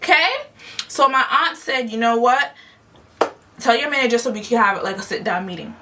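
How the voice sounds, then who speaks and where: A woman telling a storytime vlog in a blunt, animated way, swearing often. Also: on the high side, moderate pace, distant mic, background noise. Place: parked car.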